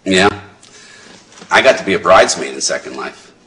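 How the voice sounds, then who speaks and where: A middle-aged man doing loose stand-up comedy, with a lowish voice that still comes across bright and forceful. He rambles, chats with the crowd and breaks into laughter at his own jokes. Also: expressive, moderate pace. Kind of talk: rambling stand-up over live voice chat.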